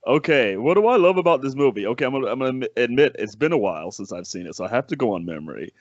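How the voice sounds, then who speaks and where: A man's voice: mid-range voice, very animated, rapid-fire, dry recording. A man co-hosting a casual movie podcast, easygoing and laid-back, using casual slang. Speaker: podcast co-host. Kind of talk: casual movie-review chat. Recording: dull lo-fi dry sound.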